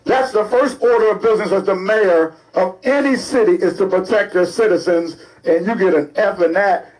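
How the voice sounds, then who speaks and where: Man, talk host, fiery sarcastic rant, slightly high voice. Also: low-quality recording. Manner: animated, scolding, sarcastic. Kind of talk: opinionated talk-show rant.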